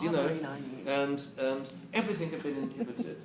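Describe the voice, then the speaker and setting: A man giving a lively, jokey lecture on dog training to a live audience, acting out quotes as he goes. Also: on the high side, moderate pace, few pauses. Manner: animated, jokey, acts out quotes. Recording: roomy, distant camera mic with hiss.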